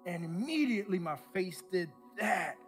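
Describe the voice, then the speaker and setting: A high-pitched male pastor preaching from the pulpit, spinning a lively, self-mocking personal story and putting on the voices of the people in it. Soft music plays faintly underneath. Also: normal speed. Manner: animated, self-mocking storyteller who acts out the people he quotes.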